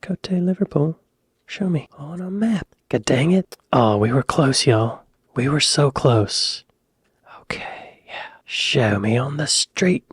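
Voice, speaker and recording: A man reacting to a video, speaking slowly with a husky, breathy voice and a dry close mic. He is easily moved and slips in and out of a hushed whisper while he thinks aloud. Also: medium pitch, lively intonation, no echo. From United States. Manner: emotional, often drops to a whisper. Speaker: reaction channel host. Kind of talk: casual reaction commentary.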